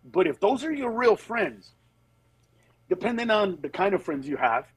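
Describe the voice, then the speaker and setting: A man's voice: normal speed, slightly rough, dry recording, low-quality recording. A man who works as a comedian, telling stories in a candid conversation and acting out the people in them. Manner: animated storyteller, acts out voices with big pitch jumps. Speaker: comedian guest.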